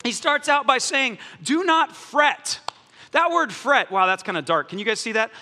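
High, bright-voiced preacher man. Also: brisk. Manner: animated, jokey, emphatic. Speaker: pastor. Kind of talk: sermon. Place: church hall. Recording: echoey church hall.

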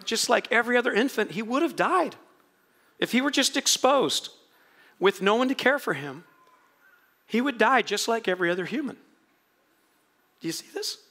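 A man preaching a sermon to a congregation, swinging from quiet asides to loud, impassioned moments. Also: high voice. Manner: animated, swings from quiet asides to shouted prayers. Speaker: pastor.

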